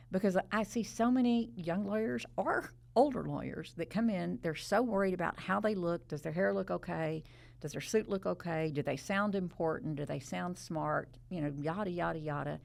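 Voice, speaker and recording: Middle-aged woman podcast host from Texas, low and gravelly, animated storyteller. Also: normal speed. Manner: lively storyteller, laughs often. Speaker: podcast host, trial lawyer. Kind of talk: casual interview chat.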